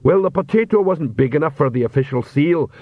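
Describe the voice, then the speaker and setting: A man voicing a big, dim, cheerful male troll guard who talks in a slow, plodding, earnest way. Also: on the high side, expressive, no room sound, pitched above the performer's own voice. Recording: dull, dry audiobook recording.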